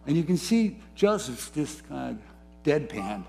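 A man preaching a sermon, moving between soft, low musing and rising, fervent emphasis. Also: big pitch swings, unhurried, gravelly. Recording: faint music behind.

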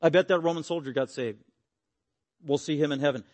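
An earnest, animated man preaching a sermon and closing in prayer. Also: fairly high pitch, brisk. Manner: earnest, animated, acts out quotes.

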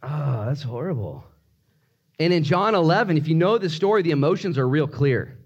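A man preaching a sermon in an animated, conversational way, swinging between loud emphasis and hushed moments. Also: fairly high pitch, quick pace, dull audio. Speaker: pastor.

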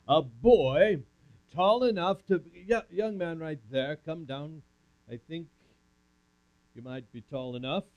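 A man with a slightly high voice talks slowly, pausing often, in a theatrical first-person monologue as a camp speaker with an audience volunteer. The recording sounds muffled and lo-fi.

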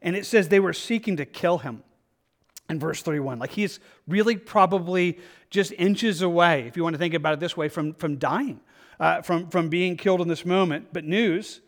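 A man's voice: on the high side, fairly quick. A man preaching a conversational verse-by-verse sermon, full of fillers and repeated words. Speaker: pastor.

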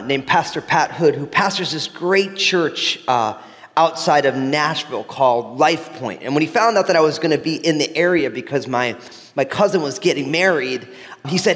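High-voiced pastor in an echoing hall. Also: male voice, normal speed, a bit bright, soft background music. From New Jersey. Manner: chatty storytelling with playful self-mockery. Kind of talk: sermon.

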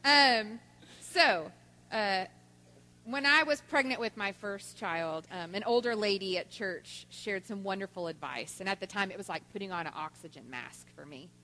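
A woman giving a Mother's Day talk in church, telling stories with lively voiced quotes. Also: mid-range voice, moderate pace, slight background noise. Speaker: church speaker. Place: church sanctuary. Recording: long church hall reverb.

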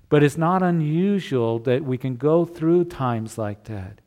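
A man's voice: a little high, animated, unhurried, few pauses, a little mellow. A man preaching a sermon as pastor, earnest and conversational, with occasional restarts.

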